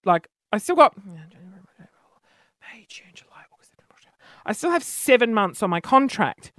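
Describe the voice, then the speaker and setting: A woman's voice: on the high side, fairly bright tone, no room sound. An Australian woman tells a funny personal story to her listeners in a chatty, self-mocking way. Her voice has a whingy, whiny edge. The recording is close and dry, with no room sound. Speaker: podcast host telling a story. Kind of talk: comic storytelling monologue.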